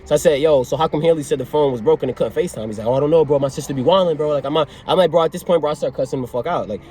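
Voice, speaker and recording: A young man vlogging a storytime, excitable and slang-heavy, acting out both sides of a conversation. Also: a little high, racing. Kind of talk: animated storytime vlog.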